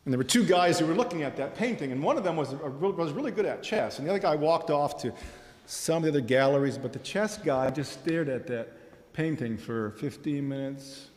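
A man's voice: a little high, animated, a little fast, a little mellow. A male pastor preaching an impassioned sermon, pressing the congregation with rhetorical questions and repeated phrases. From Michigan, USA. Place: church sanctuary. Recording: reverberant church hall.

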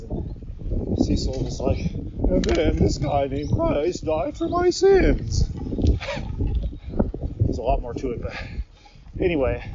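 A male podcast host rambling casually with many tangents and laughs while cycling on a riverside path, recorded on a portable recorder. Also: medium pitch. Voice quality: chatty, tangent-prone, laughs often. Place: outdoors on a riverside bike path. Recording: lo-fi with loud wind noise.

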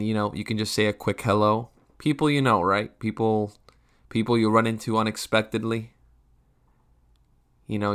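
A man around thirty delivers a casual comedic rant, rambling, swearing, often restarting sentences, and mocking himself. His voice is fairly low, a bit bright, and clean in tone.

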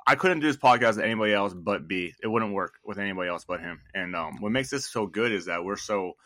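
A man's voice: on the low side, fast, fairly bright tone, no room sound. A man co-hosting a podcast in casual chat, rambling and swearing a lot, with filler words everywhere. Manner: profane, rambling with many "like"s and "dude"s. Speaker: podcast co-host.

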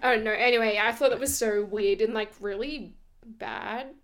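A woman's voice: a little high, moderate pace. Chatty young woman. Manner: animated storyteller, laughs often. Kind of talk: casual chat.

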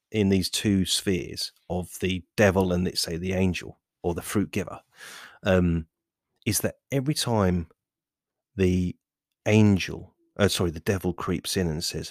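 A man's voice: low voice, moderate pace, dry recording, studio quality. A man hosting a fitness podcast, talking in a rambling, self-correcting monologue. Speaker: podcast host.

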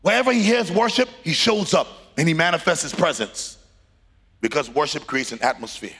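A middle-aged pastor preaching a sermon, rising into emphatic bursts and sung phrases. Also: male voice, a little high, fairly quick, fairly bright tone, breathy edge. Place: church sanctuary. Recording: long reverb of a large hall.

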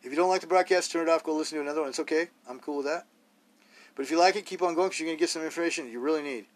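A man's voice: fairly high pitch, rapid-fire. A man hosting a solo podcast, talking bluntly and rawly in a rambling way, full of rhetorical questions. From Idaho, US. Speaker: podcast host.

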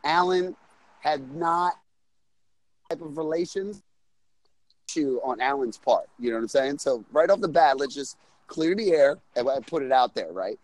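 A man with a fairly high, expressive voice speaks at normal speed, pausing often, on a low-quality recording with no echo. Standing on a loud street outside a bar, he tells a crude, rambling, profane story to a group call. He keeps asking "right?" and saying "you know what I'm saying."

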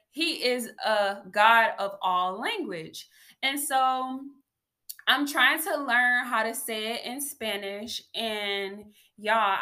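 A woman vlogger sharing a faith testimony in a casual, animated way, often calling her viewers y'all. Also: on the high side.

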